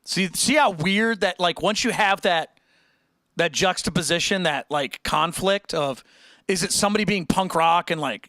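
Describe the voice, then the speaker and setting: A young man chatting casually with viewers on his livestream, rambling and animated, with many restarts and fillers. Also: high voice, normal speed, no room sound, studio quality. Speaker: musician hosting a livestream chat.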